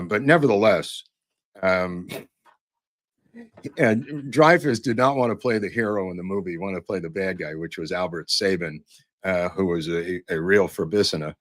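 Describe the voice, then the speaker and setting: A man's voice: low-pitched, no echo, studio quality. An older man hosting a podcast, telling rambling showbiz anecdotes in a chatty way, with lots of "uh" and "um" fillers. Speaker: podcast host.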